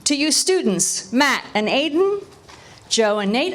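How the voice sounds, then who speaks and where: A woman hosting a live event, thanking people warmly and using jazz slang, sometimes close to tears. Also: high voice, sing-song, measured pace. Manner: effusive, emotional, jazz slang. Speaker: event host. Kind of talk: live emcee thank-yous. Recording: live venue with crowd noise.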